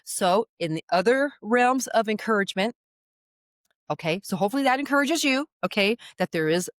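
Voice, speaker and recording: A middle-aged woman talks to parents like a coach, animated and chatty, with constant check-ins of "okay?" and "all right?". Her voice sits at an ordinary middle pitch. The sound is close and dry, with no room echo. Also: fairly quick. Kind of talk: direct-to-camera advice talk.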